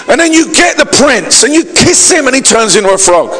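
High-voiced pastor preaching in a hall. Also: male voice, sing-song, a little fast, hardly any pauses, fairly bright tone. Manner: preachy, calls out to the congregation for responses. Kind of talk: sermon. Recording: long hall reverb.

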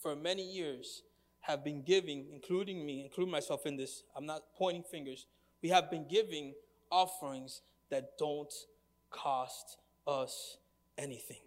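A man's voice: fairly high pitch, a little slow, in a large hall. A man preaching a sermon in a conversational way, asking the congregation questions and reading from scripture. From United States. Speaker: pastor.

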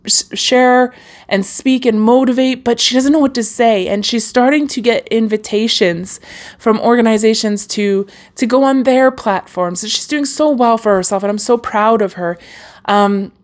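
A woman's voice: fairly high pitch, moderate pace. A young woman hosting her own podcast, talking casually and encouragingly into a microphone with lots of fillers and restarts. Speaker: podcast host. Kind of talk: casual solo podcast monologue.

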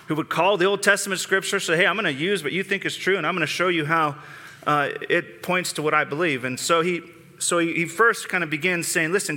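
A man's voice: on the high side, sharp tone, in a large hall. A man preaching a sermon in a conversational way, restarting phrases often, in a church sanctuary. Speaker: pastor.

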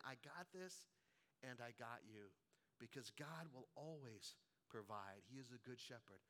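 A man's voice: medium pitch, sharp tone. A middle-aged man preaching a sermon, telling stories and tossing in rhetorical "right?" asides. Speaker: pastor.

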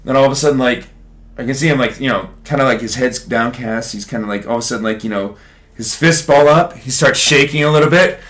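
Man, podcast co-host, casual chat, swears a lot, animated storyteller. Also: mid-range voice, quick pace. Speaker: English teacher in Japan.

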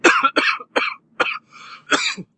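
A man's voice: very slow, pushed and bright, slight background noise, low-quality recording. Rambling, jokey male podcast host. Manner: rambling, self-mocking, jokey. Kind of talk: casual rambling monologue. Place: car while driving.

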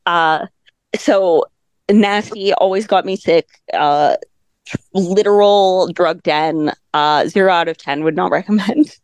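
A woman's voice: fairly low pitch, slow pace, darkish tone, clear, resonant tone, dry recording. A woman guest on a podcast, telling stories casually with laughs and lots of fillers. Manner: laughing, rambling storyteller with many fillers. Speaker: guest wrestler.

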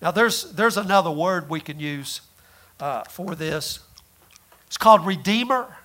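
A man preaching a sermon in a folksy way, full of rhetorical questions and repeated words, rising loud and dropping soft. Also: on the high side, lively intonation, a little slow.

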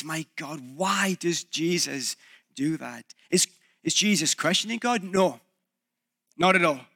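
A male pastor preaching a reflective sermon, pausing and restarting as he thinks aloud. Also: high-pitched, bright, forceful tone.

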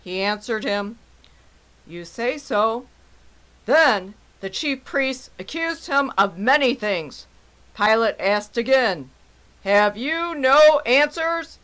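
Slow, bright-voiced woman reading scripture. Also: on the high side, animated, poor audio. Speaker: mock newscaster and scripture reader. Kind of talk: reading scripture as a mock news report.

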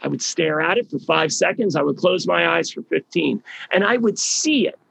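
Very gravelly middle-aged man, emphatic. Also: fairly high pitch, expressive, normal speed, fairly bright tone. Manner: emphatic storytelling, repeats words for stress. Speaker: healing program leader. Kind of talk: motivational talk.

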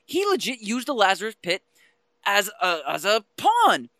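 A man talks fast and fired up, swinging between heated outbursts and quieter stretches of explanation. His voice has a bright, tense edge. The sound is dry and close. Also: sits high, no room sound. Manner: passionate, ranting, animated about comics. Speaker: podcast co-host. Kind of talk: casual chat.

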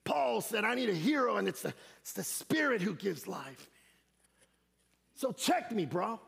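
High-pitched shouting preacher, echoey hall. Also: male voice, measured pace, creaky, breathy edge. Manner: animated, shouts for emphasis, slangy asides. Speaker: guest preacher. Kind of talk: energetic sermon. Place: church sanctuary.

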